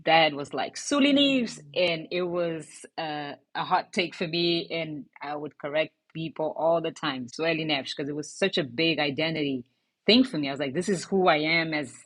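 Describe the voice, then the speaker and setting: Low, husky-voiced Cape Verdean-born woman. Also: normal speed. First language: Cape Verdean Creole. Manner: animated storyteller acting out quoted voices. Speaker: podcast co-founder and host. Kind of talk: casual podcast chat.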